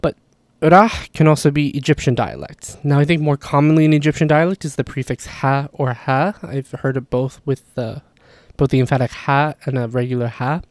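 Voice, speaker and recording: A man's voice: mid-range voice, moderate pace, dry recording. Chatty man explaining language points. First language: not Arabic. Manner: relaxed, chatty, frequent "like" and "you know" asides. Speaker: language teacher. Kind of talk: casual explanatory lesson.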